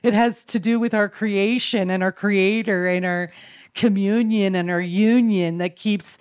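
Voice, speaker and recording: A woman speaks devotionally at a spiritual gathering, her voice sitting at an ordinary middle pitch. She gropes earnestly for words, restarting often and filling pauses, in a gentle, heartfelt way. The sound is dry and close. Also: fairly even intonation, smooth, no room sound. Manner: earnest, searching, many fillers and restarts.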